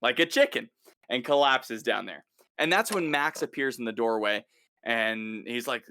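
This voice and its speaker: Male co-host, bright forceful voice, lively play-by-play recap, drops into quick impressions. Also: medium pitch, slight background noise. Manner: animated retelling, acts out the characters' lines. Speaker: podcast co-host. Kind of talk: casual recap chat.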